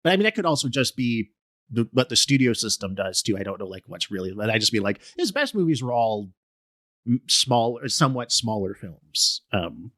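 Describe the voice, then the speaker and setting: A man co-hosting a film podcast in casual discussion, talking haltingly with many restarts and fillers. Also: medium pitch, sing-song, fairly bright tone, no echo, studio quality. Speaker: podcast co-host.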